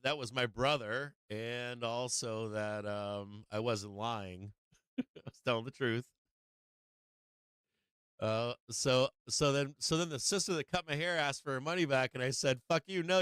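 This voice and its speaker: A man's voice: medium pitch, fairly bright tone, clean tone, dry recording. A man hosting a live stream, telling a casual anecdote in a rambling way, full of fillers, swearing and laughs. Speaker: host of a stock market live stream.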